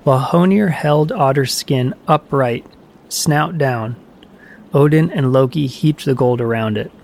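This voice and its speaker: A man reading a myth aloud as a storyteller, measured and even, lowering his voice slightly for the characters' quoted lines. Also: vocal fry. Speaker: narrator. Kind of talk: storybook narration of myths.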